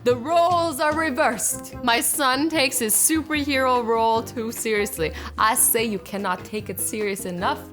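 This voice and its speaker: Bright, bubbly young woman reacting. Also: fairly high pitch, moderate pace, few pauses, soft background music. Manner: bubbly, chatty, heavy use of "like". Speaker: YouTube reaction host. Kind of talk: casual reaction commentary.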